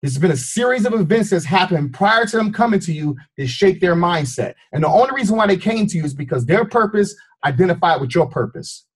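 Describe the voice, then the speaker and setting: A man's voice: sits high, expressive, a little fast, hardly any pauses, breathy edge. A man giving a motivational talk as a fitness trainer, preachy and repetitive, often asking his listeners questions. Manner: preachy, repeats himself, asks the audience questions. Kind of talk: motivational speech.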